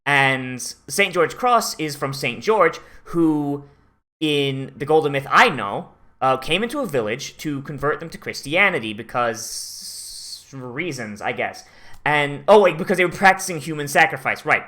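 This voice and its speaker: Vlogger, mid pitch, swears a lot, rambles and trails off. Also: a little slow. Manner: profane, rambling, animated. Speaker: anime watch-along host. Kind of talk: casual rambling commentary.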